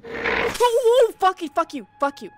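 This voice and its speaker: Jumpy high-voiced woman streamer, swearing. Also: very animated, a little slow, background noise. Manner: jumpy, yelping and swearing at scares. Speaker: VTuber streamer. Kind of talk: horror game livestream commentary. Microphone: headset in VR.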